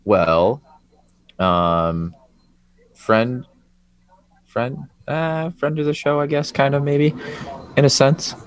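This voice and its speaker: A man's voice: mid-range voice, steady tone, slow, pauses often, no room sound. A man co-hosting a casual sports podcast, tossing in dry wisecracks and telling stories with animation. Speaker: podcast co-host.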